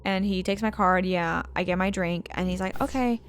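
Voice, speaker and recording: A woman co-hosting a game let's play, telling a profane, animated anecdote in a casual chat style. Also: on the low side, moderate pace, a little hiss or hum. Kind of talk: casual storytelling while gaming.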